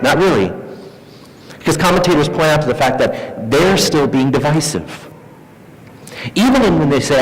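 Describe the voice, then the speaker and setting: A man's voice: lively intonation, moderate pace. A man preaching a sermon as pastor, who acts out the voices of the people he quotes. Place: church hall. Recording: reverberant church hall with faint rumble.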